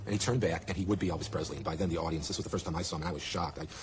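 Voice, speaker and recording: A man with a deep voice recounts a stage show quickly, acting out the audience's reactions. His telling is lively and visual. A light background hum sits behind him. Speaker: interviewee recalling a comedian. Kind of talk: documentary interview.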